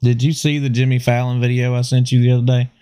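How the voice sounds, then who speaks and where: A man's voice: medium pitch, flat delivery, fast, noisy background. A man telling a story and joking among friends on a casual podcast, swearing freely and laughing often. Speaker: podcast host. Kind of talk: casual chat. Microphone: podcast microphone.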